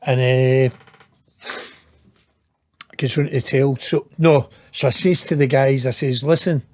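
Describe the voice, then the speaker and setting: A man's voice: mid-range voice, fairly even intonation, unhurried, a little mellow, no room sound. A Scottish man in his fifties, a guest telling a long story in an interview, rambling and profane, laughing and poking fun at himself. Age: 50s. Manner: rambling, profane, laughs at his own tale, self-mocking.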